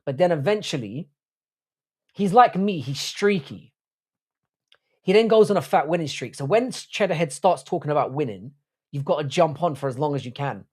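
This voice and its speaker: A man's voice: fairly high pitch, animated, normal speed, darkish tone, breathy edge. Rambling man hosting a livestream. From Ireland. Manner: rambling, swearing, frequent restarts. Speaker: podcast host. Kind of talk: casual livestream chat.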